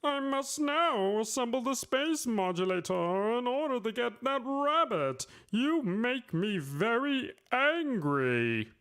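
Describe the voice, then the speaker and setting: A man doing a cartoon voice of a small, peevish male Martian villain who makes clipped, high-pitched threats. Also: very animated, takes it slowly, few pauses, a bit bright, smooth, full character voice. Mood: irritated.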